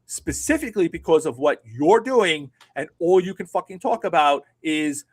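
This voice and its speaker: Profane, ranting man with a higher voice. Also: lively intonation, normal speed, few pauses. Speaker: political podcast co-host. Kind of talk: casual political commentary.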